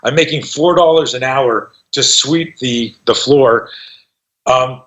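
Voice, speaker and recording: A man's voice: mid-range voice, slow, fairly bright tone, muffled recording. A man in his fifties, a self-defense instructor and podcast guest, tells stories with energy, swears freely and acts out what people said. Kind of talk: animated storytelling.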